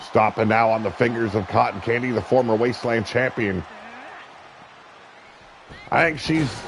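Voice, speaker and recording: A gravelly male wrestling commentator who calls every move with brash, profane excitement and bursts into shouts when the action peaks. His voice carries a rough, crackly edge, and a steady hiss of noise sits under the home recording. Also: medium pitch. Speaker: play-by-play commentator.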